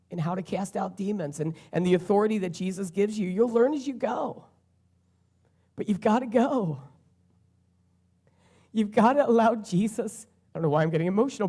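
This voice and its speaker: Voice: medium pitch, warm tone. A preacher giving an earnest sermon and repeating key phrases for emphasis.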